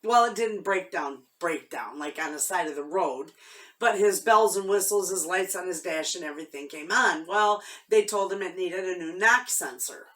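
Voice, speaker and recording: A woman's voice: on the low side, normal speed, a bit bright, far from the mic. A woman vlogging from her homestead, telling a story in a heartfelt, rambling way with many restarts. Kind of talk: casual chat to camera.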